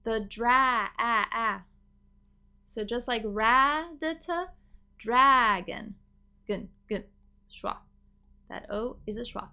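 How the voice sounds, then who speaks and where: A woman with an American accent teaching English pronunciation, drawing out sounds slowly and carefully to demonstrate them. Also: on the high side, pushed and bright, clear, resonant tone. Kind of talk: pronunciation lesson.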